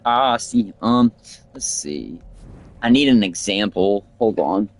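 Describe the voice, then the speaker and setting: A man's voice: fairly low pitch, expressive, slow, faint music behind. A man chatting casually on a game livestream, rambling with many fillers and crude jokes. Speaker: game streamer.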